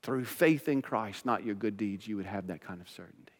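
A male pastor preaching a sermon, pleading and emphatic, dropping at times to a quiet, intimate tone. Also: lowish voice, a little fast. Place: church sanctuary. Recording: long church reverb.

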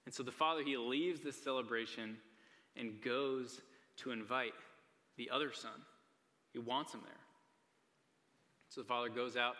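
A man's voice: medium pitch, fairly even intonation, measured pace, pauses often, bright, forceful tone. A young man preaching a sermon to a live audience in a church hall, earnest and casual, with frequent "like" and "right?" asides. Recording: long hall reverb.

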